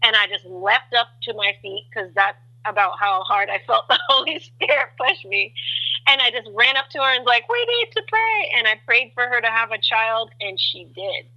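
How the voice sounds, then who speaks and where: Lively woman telling faith stories over a thin phone line, high bright voice, does all the voices. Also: normal speed. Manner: animated storyteller, acts out voices with big pitch jumps. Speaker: guest. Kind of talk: testimony in a faith talk show.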